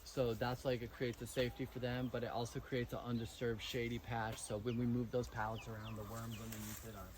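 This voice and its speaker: A man giving a farm tour, explaining in a relaxed, rambling way full of fillers, recorded outdoors among animals. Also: medium pitch, a little fast, few pauses, noisy background. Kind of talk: casual explanatory chat.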